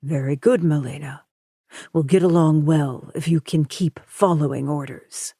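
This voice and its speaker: A woman narrator voicing a male kidnapper with a deep, smooth voice, cold, controlling and quietly amused. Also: steady tone, a little slow, no room sound, clean studio sound, heavily acted. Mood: cold commanding.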